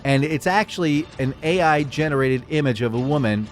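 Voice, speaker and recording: A man's voice: a little high, fairly quick, soft background music. A middle-aged man co-hosting a podcast, running through news items in a casual, jokey way. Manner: animated, jokey, drops into mock voices. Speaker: podcast co-host. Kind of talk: casual news roundup chat.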